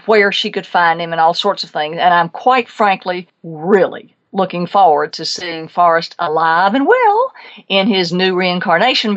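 A woman hosting a talk show, telling a pet psychic story in an animated, emphatic, chatty way. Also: on the low side, highs cut off.

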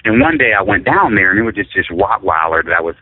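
A man's voice: low voice, quick pace, no echo. A man, a guest in an interview, telling a personal story in an earnest, rambling way with many fillers and restarts. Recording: phone-like radio line.

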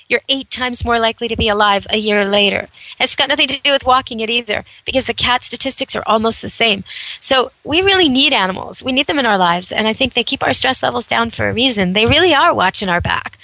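Bright, earnest woman radio host. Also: a little high, no echo, low-quality recording. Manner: earnest, persuasive, talks in long flowing runs. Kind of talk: advice talk show chat.

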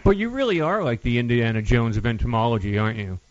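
A man's voice: medium pitch, big pitch swings, fast, dull audio. A male radio host interviewing a guest, joking and laughing often.

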